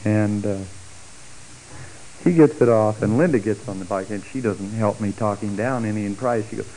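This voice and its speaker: A middle-aged man telling a personal testimony story, acting out the voices of the people in it with big jumps in pitch. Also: moderate pace, slight background noise, low-quality recording. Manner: animated, acts out quoted speech with big pitch jumps.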